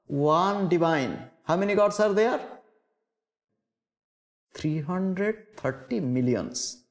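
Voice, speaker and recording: Slow man teaching in a hall. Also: a little high, gravelly. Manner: slow, deliberate, repeats key words. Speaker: spiritual teacher. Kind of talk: spiritual lecture. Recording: long hall reverb.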